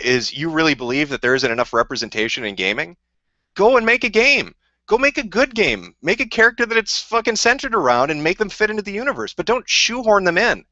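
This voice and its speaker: A man rants on a live stream, answering viewer questions in a rambling, profane and combative way. His voice is a little high, pushed and bright, and the recording is dull, lo-fi and dry.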